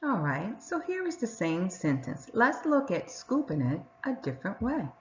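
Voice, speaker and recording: A woman teacher giving a patient reading lesson to young children, sounding out words and reading sentences slowly and clearly. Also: mid-range voice, big pitch swings, muffled recording.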